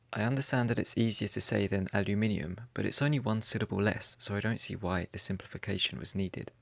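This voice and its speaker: A man's voice: fairly low pitch, gravelly, no echo. A man with a British accent talking to camera in a casual vlog, dry and wry in tone, recorded indoors in his room. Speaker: vlogger.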